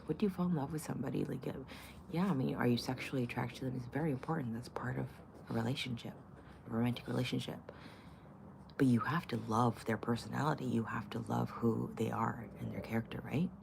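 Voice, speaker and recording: A woman's voice: a bass voice, fast, gravelly, background noise. A middle-aged woman vlogging in casual chat, blunt, profane and opinionated.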